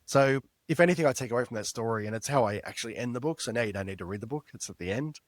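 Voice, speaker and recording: A man's voice: medium pitch, lively intonation, very fast, dry recording. A middle-aged man, a podcast guest telling a personal story in an earnest, reflective way. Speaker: guest author. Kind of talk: storytelling interview.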